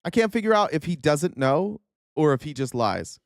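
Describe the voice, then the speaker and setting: A man's voice: fairly high pitch, very animated, normal speed, creaky, no room sound, studio quality. A man in his thirties from the United States, hosting a live-stream and ranting angrily with profanity. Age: 30s. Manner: angry, profane, repetitive. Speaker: show host. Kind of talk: live-stream political rant.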